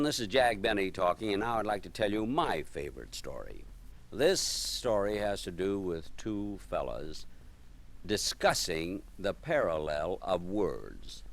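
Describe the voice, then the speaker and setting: A comedian telling a joke story in a halting, hesitant way, full of fillers and pauses. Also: male voice, fairly low pitch.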